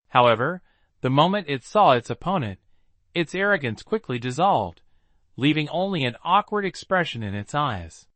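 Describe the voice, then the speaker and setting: A man narrating a story recap with a lively storytelling manner. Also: on the high side, no room sound.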